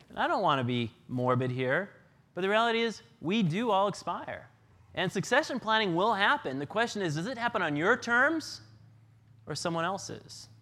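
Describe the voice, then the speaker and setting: A middle-aged man giving a folksy storytelling talk as a consultant, acting out dialogue with lively energy. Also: on the high side. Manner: folksy, animated, acts out dialogue.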